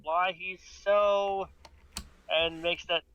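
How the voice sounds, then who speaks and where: A man's voice: high-pitched, steady tone, drawn-out words, fairly bright tone, slight background noise. A man playing a tabletop game, chatty and rambling, over a dull lo-fi mic. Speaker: player. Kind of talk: casual tabletop play.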